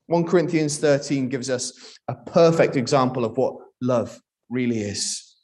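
A man's voice: mid-range voice, unhurried, a little mellow. A man preaching a sermon in a conversational way, asking the congregation rhetorical questions. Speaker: pastor.

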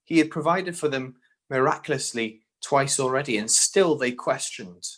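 A man's voice: mid-range voice, moderate pace, fairly bright tone. A man preaching a sermon, earnest and direct, often posing rhetorical questions to his listeners.

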